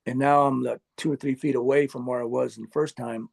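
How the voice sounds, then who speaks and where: A man earnestly recounting a personal experience, halting often with fillers and restarts. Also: medium pitch, fairly even intonation, creaky. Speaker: near-death experience storyteller. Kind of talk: personal testimony interview.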